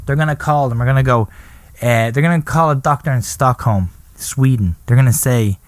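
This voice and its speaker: A man's voice: mid-range voice, fairly quick, no room sound. A man, hosting a podcast and ranting in a profane, exaggerated comic monologue. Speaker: podcast host.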